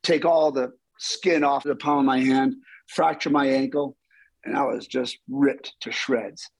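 A middle-aged man, a stunt performer, telling stories in an interview with lively, acted-out dialogue. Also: mid-range voice, measured pace, creaky, dry recording, low-quality recording. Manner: animated, acts out quoted dialogue. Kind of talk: storytelling interview.

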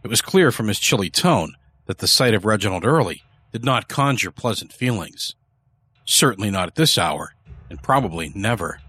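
Low-voiced man narrating a horror story. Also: expressive, fairly bright tone, breathy edge. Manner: measured, dramatic storytelling.

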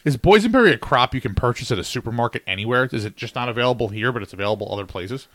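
Fast-talking man in a dry room. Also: mid-range voice, expressive, a bit bright, no echo. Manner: chatty, storytelling. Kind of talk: casual chat.

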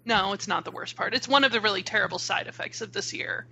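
A woman's voice: mid-range voice, fast, vocal fry, pushed and bright, a little hiss or hum. A woman co-hosting a podcast, chatting casually with a wry, exasperated tone. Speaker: podcast co-host. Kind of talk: casual chat.

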